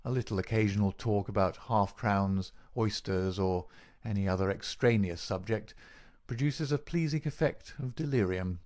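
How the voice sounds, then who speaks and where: A calm, wry male detective, as a man reads him in a storybook, explaining in a measured, dry way. The voice sits low. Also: lightly acted.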